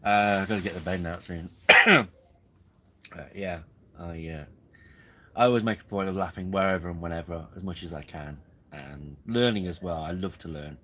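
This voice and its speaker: Bloke on a camping livestream, low-ish voice, chuckles a lot, rambles. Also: male voice, moderate pace, sharp tone, slight background noise, poor audio. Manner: rambling, chuckling, easily amused. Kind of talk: casual live-stream chat. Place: outdoors at a campsite.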